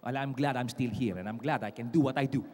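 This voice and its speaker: A middle-aged male singer doing playful, animated patter with a live audience from a large stage. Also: medium pitch, fast, slight background noise. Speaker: concert singer and performer. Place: large indoor event stage.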